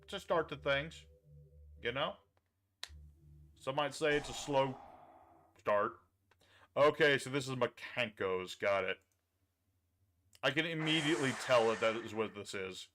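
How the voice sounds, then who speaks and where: A man streaming himself playing a card game, chatting casually with viewers and thinking his moves through out loud. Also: mid-range voice, unhurried, pauses often, slight background noise. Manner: chatty, thinks aloud and talks to chat.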